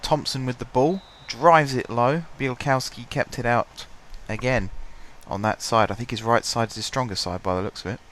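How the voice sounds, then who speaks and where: A man's voice: mid-range voice, normal speed, few pauses, a bit bright, slight background noise. Stuffy-voiced man commentating a game. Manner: chatty, self-deprecating, clears his throat often. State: stuffy, blocked-up voice. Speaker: gaming commentator. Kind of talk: casual let's-play commentary.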